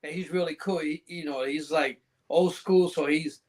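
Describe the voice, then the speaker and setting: High-voiced man telling profane stories. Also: steady tone, moderate pace, a little mellow. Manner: profane, laughing, rambling anecdotes. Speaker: podcast guest. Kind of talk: casual storytelling chat.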